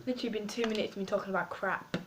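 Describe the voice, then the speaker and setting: A woman's voice: medium pitch, racing, background noise. A woman with an English accent, chatting in a rambling, self-mocking way as she vlogs. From England. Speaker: vlogger. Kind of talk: casual food-tasting vlog.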